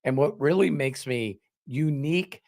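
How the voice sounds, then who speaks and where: A man in his sixties, hosting a livestream, who tells animated stories and acts out quoted voices. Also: on the high side, unhurried, vocal fry. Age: 60s. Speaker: host. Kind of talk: casual panel talk on a livestream.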